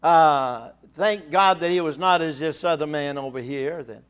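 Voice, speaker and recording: Older preacher with halting restarts. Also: male voice, a little high, smooth. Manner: halting restarts, rising to fervent exhortation. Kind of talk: sermon.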